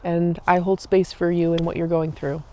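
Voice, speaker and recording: A woman in her late twenties who vlogs and streams eats a snack in a park as she talks, casual and chatty, sprinkling in plenty of "like" and "um." She speaks at a moderate pace in a lowish, mellow voice with little pitch variation, over slight background noise.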